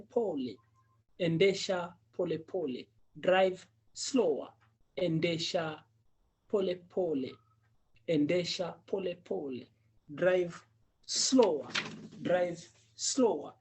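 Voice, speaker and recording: A man's voice: sits high, darkish tone. A man teaching Swahili, patiently drilling each word many times and chuckling often. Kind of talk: language lesson drilling.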